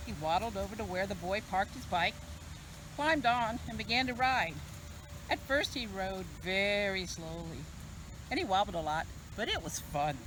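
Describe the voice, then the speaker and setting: A librarian reading a picture book aloud to children in an expressive, sing-song storytelling manner. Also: female voice, mid-range voice, slight background noise, low-quality recording. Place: library video recording.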